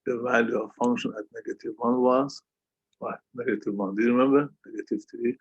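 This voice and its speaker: Man tutoring calculus, husky voice. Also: mid-range voice, fairly even intonation, brisk, lo-fi sound. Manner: repeats "yeah?" to check understanding. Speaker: math tutor. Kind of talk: online calculus lesson. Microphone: video call.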